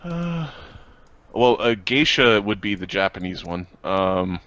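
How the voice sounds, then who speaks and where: A man's voice: on the low side, big pitch swings, slow pace, fairly bright tone, dull audio. A man playing a tabletop game, chatting hesitantly with lots of fillers. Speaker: player. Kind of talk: casual chat at a gaming table.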